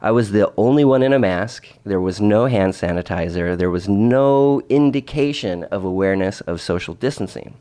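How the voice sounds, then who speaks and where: A man's voice: deep voice, moderate pace, dark tone. A man telling a travel story in a casual vlog, rambling with restarts and dry asides. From Oregon, United States. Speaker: vlogger.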